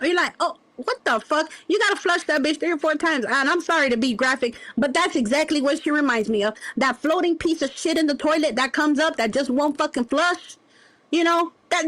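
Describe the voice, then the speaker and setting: A woman's voice: high-pitched, fairly bright tone, no echo. A woman hosting a livestream, ranting in a heated, profane, confrontational way. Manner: profane, confrontational, drawn-out insults. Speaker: livestream host.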